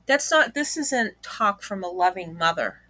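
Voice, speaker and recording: A woman's voice: medium pitch, lively intonation, measured pace, pushed and bright, no echo. A woman giving reaction commentary on a YouTube channel, blunt and indignant, swearing freely.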